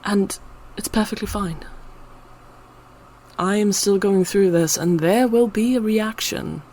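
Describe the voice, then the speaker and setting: A woman's voice: medium pitch, takes it slowly, warm tone, slight background noise. A woman talking in an unscripted personal ramble, emotional and close to tears, sometimes dropping to a whisper. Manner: emotional, on the verge of tears, drops to whispers at times. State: teary. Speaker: channel host.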